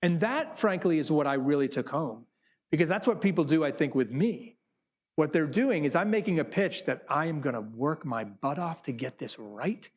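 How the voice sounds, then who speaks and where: Guy talking shop to business students, chatty and animated, voice sits a bit high. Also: normal speed. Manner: animated storyteller who acts out quotes. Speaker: Broadway producer. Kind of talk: conversational talk to business students.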